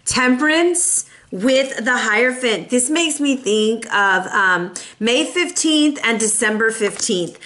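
Woman tarot reader, casual and sassy, fairly high voice, chatty home reading. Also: animated, slow, few pauses, a bit bright. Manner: chatty, sassy, addresses viewers as boo and y'all.

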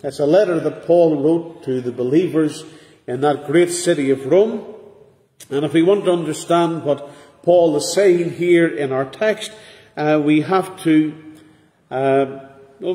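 Measured male preacher, middle-aged, warm tone, big reverberant church sound. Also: fairly high pitch. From Northern Ireland. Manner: measured, earnest preaching with pauses. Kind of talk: sermon. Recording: echoey hall with long reverb.

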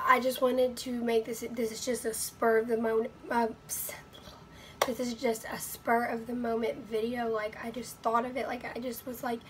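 A woman vlogs from her bedroom in a hoarse, nearly gone voice that sits a little high. She rambles with lots of fillers and keeps slipping into breathy whispers. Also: slight background noise, rough recording. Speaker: vlogger. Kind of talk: casual talk to camera.

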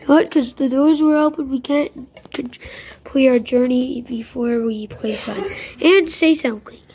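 A woman's voice: high voice, measured pace, a little mellow, breathy edge. A girl narrating her toy play in a rambling, playful way. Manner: rambling, playful, voices toys. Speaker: video maker playing with toys. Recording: noisy home recording.

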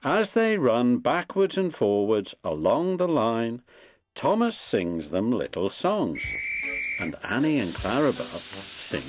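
A man reading a children's railway storybook aloud, slowly and expressively. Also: mid-range voice, wildly swooping pitch, noisy background. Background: background music.

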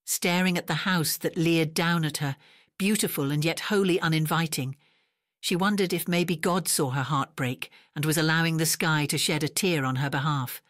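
A woman narrating a romance audiobook in a measured, even storytelling manner, recorded close on a studio mic. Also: low voice, no echo. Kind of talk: scripted narration.

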